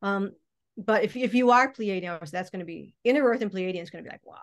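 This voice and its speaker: Quick-paced and mid-range, a woman appears as a mystic guest on an informal podcast recorded in a studio or remotely. She wanders through her points, pausing and starting over often.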